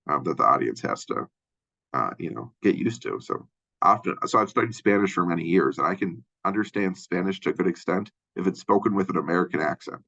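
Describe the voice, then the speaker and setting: A man from Minnesota with a Minnesotan accent and a deep voice, giving a casual college lecture full of fillers and restarts. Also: gravelly, sharp tone, slightly rough, lo-fi sound. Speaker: college instructor. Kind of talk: lecture overview of a textbook chapter.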